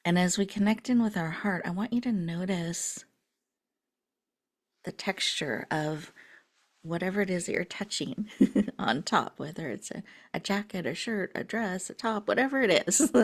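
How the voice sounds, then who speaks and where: A woman hosting an online summit, guiding a breathing meditation in a soothing, slow manner that often drops to a near-whisper. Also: lowish voice, expressive. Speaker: summit host.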